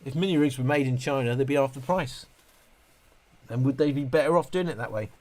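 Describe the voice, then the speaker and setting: A man's voice: mid-range voice, fairly quick, darkish tone. Rambling man on a live stream. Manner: rambling, self-interrupting, with many restarts. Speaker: live stream host reading viewer comments. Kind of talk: casual live stream chat.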